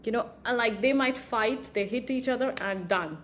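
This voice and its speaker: Animated woman podcast host, fairly high voice. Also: moderate pace, a little hiss or hum. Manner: animated, laughs while telling stories. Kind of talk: casual interview chat.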